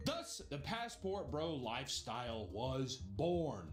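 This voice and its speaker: A man with a fairly high, lively voice chats loosely and crudely, cracking jokes and laughing as he goes. The sound is roomy and echoey. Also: fairly quick. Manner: animated, joking, crude, laughs often. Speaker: streamer. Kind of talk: casual chat.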